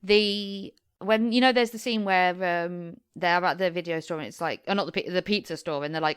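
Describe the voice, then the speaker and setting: A woman in casual podcast conversation, rambling and slipping into playful mock quotes. Her voice sits low for a woman and sounds smooth and clear, with a dry close recording. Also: brisk, hardly any pauses, dry recording. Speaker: podcast co-host. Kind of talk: casual chat.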